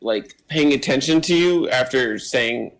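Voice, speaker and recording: Slow, gravelly-voiced game master, a man. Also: mid-range voice, fairly bright tone, rough recording. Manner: halting, many fillers, bursts of quick rules talk. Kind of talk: narrating a tabletop game.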